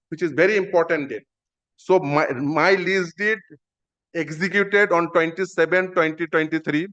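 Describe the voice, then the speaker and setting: A man's voice: on the high side, a bit bright. A man arguing his own petition in a courtroom, formal and deferential, repeating "my lord" often. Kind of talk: courtroom argument. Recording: muffled live-stream audio.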